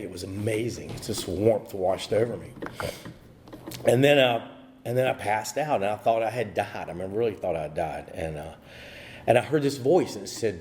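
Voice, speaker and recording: A man's voice: on the low side, normal speed, pauses often, darkish tone, slight background noise. A man telling his recovery story at a meeting, rambling with many fillers and restarts. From USA. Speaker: AA speaker. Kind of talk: personal recovery talk.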